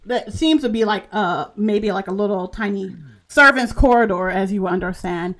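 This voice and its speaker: A woman narrating a tabletop game as game master, halting and full of fillers as she describes scenes. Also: medium pitch, fairly bright tone. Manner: slow, halting narration with many fillers and restarts.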